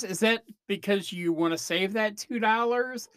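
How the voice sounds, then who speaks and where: A man's voice: sits high, moderate pace, fairly bright tone, smooth, no room sound, clean studio sound. Rambling comic man ranting on a podcast. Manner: rambling, self-interrupting rant with mock voices. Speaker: podcast host. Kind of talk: comedic monologue.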